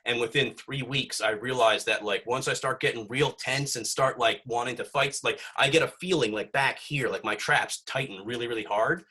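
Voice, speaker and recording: Young guy on a podcast, husky but bright voice, rambly and swears a lot. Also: medium pitch, moderate pace, hardly any pauses. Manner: rambling, profane, filler-heavy. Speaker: podcast host. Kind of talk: casual podcast chat.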